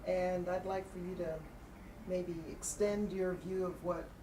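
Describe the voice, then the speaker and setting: A woman interviewer poses measured, careful questions in a slightly low voice. She sits away from the mic, and the room adds echo and steady background noise. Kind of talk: oral history interview questions. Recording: roomy and distant, noisy background.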